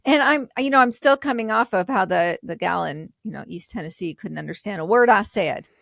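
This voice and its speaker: Chatty woman with a gravelly voice. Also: medium pitch, lively intonation, fairly quick, a bit bright, dry recording, studio quality. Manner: chatty, reactive, laughs easily. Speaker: podcast co-host. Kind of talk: casual podcast talk.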